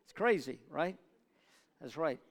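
A male preacher delivering a sermon, swinging between loud urging and low asides and calling for amens from the congregation. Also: expressive, unhurried, gravelly. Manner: call-and-response with congregation. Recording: long reverb of a large hall.

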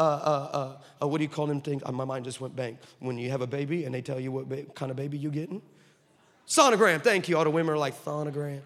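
A man preaching a sermon, telling stories with humorous asides and animated delivery. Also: on the high side. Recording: long hall reverb.

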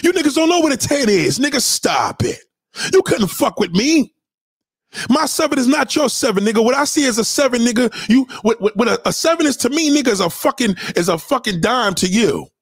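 Brief: male livestream host, high-pitched and very animated, profane combative rant, dry close sound. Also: a little fast, husky, dry recording. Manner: profane, combative, repeats himself. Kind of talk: unscripted rant to a live chat.

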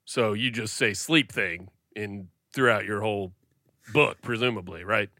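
A man's voice: on the low side, measured pace, pushed and bright, no room sound, clean studio sound. A man co-hosting a comedy podcast, earnestly and pedantically picking apart a detail of a story. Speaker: podcast co-host. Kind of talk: casual comic chat.

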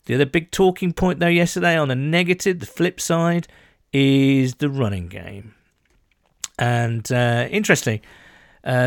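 A man's voice: mid-range voice, animated, normal speed, gravelly, no room sound, studio quality. A man co-hosting a casual sports podcast, chatty and enthusiastic with self-deprecating asides. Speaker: podcast co-host.

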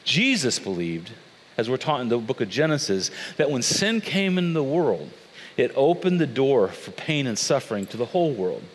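A man preaching a sermon as a pastor, telling the story in a conversational, animated way with casual asides. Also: mid-range voice, moderate pace, slight background noise. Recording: long reverb of a large hall.

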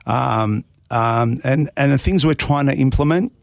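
An Australian man, a junior football coach, talks in a gravelly voice on a dry, close recording. He explains his approach earnestly with examples from matches, in an easygoing interview. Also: medium pitch, measured pace, no echo. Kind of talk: casual radio interview.

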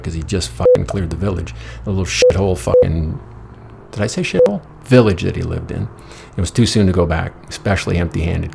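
A man's voice: low voice, vocal fry, very noisy. A man narrating a crude, profane comic fairy tale with a rambling delivery. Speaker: storyteller.

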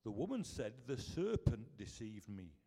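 A man with a Yorkshire accent reading scripture aloud, slowly and deliberately. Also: medium pitch, very animated, mellow, husky. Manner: slow and deliberate. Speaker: scripture reader. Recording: echoey hall from far off.

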